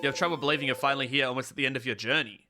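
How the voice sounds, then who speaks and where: A man voicing a calm, solemn game narrator, reading slowly and deliberately. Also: natural voice. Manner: slow, low, deliberate reading. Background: game music.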